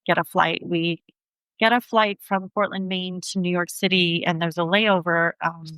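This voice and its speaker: A middle-aged woman telling her personal story in an interview, earnest and steady, often acting out the back-and-forth of conversations. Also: lowish voice, smooth, dry recording, poor audio. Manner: earnest, reenacts dialogue in quick back-and-forth. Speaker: guest, bereaved mother.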